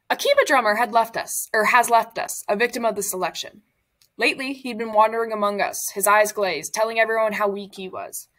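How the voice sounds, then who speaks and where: A woman reading a memoir aloud in a measured, somber way. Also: mid-range voice, a bit bright. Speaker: reader.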